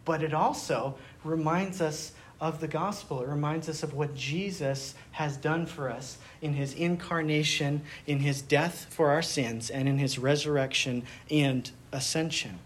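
A man's voice: on the high side, slight background noise. Man teaching a casual Bible study. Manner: casual, asks the group questions, retells scenes.

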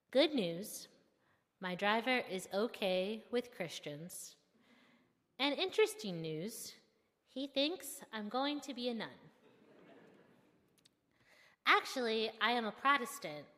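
A young woman tells a personal story in a candid, self-deprecating way, with plenty of expression. Her voice sits a little high and her pace is unhurried. The recording carries a long hall reverb. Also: animated, fairly bright tone. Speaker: seminary student.

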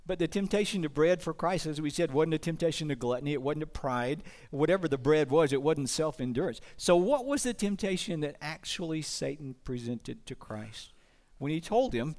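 Brief: a male pastor with a slightly high voice, preaching earnestly to a church congregation. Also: animated, normal speed, darkish tone. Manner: earnest, asks the congregation questions. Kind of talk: sermon.

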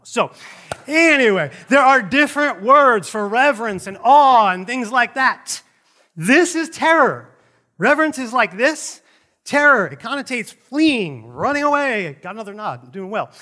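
A middle-aged man preaching a sermon in a conversational way, with joking asides about himself. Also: high voice. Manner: animated, conversational, self-deprecating asides. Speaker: pastor.

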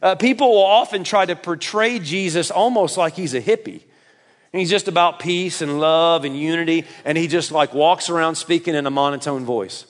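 Male pastor, Southern US accent, high-pitched, emphatic sermon delivery with playful asides. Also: normal speed. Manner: emphatic, jokey, swings between loud and soft.

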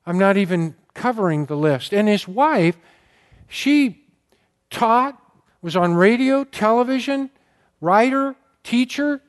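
A man with a fairly high voice preaches a sermon to his congregation. He tells stories earnestly, with deep feeling that sometimes catches in his throat. His delivery rises and sinks as he stresses key words. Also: expressive, slow. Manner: earnest, emotional storytelling, gets choked up. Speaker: pastor.

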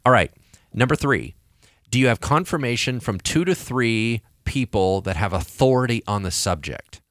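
A man who is a pastor and podcast co-host, telling stories in a casual, animated way, acting out quoted voices. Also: mid-range voice, normal speed, no room sound, studio quality. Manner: animated storyteller, acts out quoted voices, frequent restarts.

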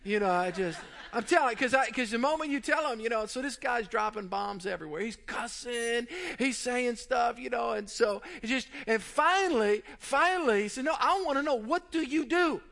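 A man who is a pastor, telling a funny story in a sermon as an animated storyteller who laughs through the tale. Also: very high-pitched, normal speed, creaky, hardly any pauses.

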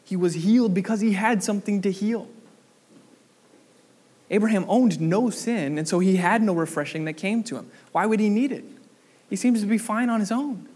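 A young adult man preaching a sermon, animated and asking the congregation questions. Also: sits high, moderate pace. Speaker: pastor.

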